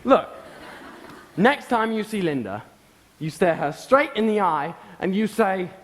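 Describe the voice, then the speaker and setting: A man's voice: high-pitched, expressive, unhurried, slight background noise. A teenage actor playing a naive, well-spoken boy with an earnest, chirpy manner, in a live school musical. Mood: eager. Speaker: stage actor. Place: school theatre stage. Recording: echoey hall with loud music.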